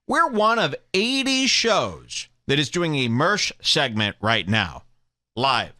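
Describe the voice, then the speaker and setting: A man's voice: a little high, big pitch swings, slow pace, pushed and bright. A man hosting a show, mocking a clip in comedic commentary with laughter and impressions.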